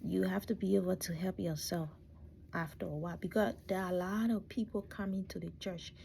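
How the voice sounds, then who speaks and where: A middle-aged woman telling her life story from her bedroom, speaking softly and reflectively, often close to a whisper and near tears. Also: fairly low pitch, fairly even intonation, brisk, gravelly, a little hiss or hum. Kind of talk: personal storytelling.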